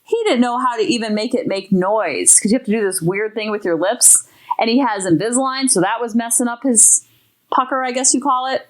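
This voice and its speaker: A woman's voice: on the high side, a little fast. A woman hosting a parenting podcast, talking in an emphatic, enthusiastic way. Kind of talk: podcast talk.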